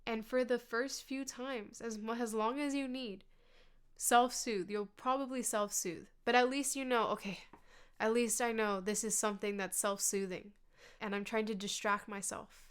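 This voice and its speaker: Smooth-voiced woman hosting a self-help talk. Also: fairly high pitch, steady tone, normal speed. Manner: gentle, earnest, drops to soft whispers. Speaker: podcast host. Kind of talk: reflective self-help monologue.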